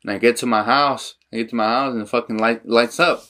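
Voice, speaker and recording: A man's voice: mid-range voice, quick pace. A young adult man telling a story in a casual podcast chat, slangy and full of profanity. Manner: profane storytelling, slangy and animated when quoting others. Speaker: podcast co-host.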